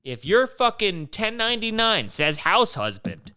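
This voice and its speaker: A man's voice: high-pitched, big pitch swings, unhurried, pushed and bright, clean tone, no room sound, studio quality. Rambling, swearing young man. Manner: rambling, swears often, many restarts. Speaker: podcast host. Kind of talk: casual solo rant.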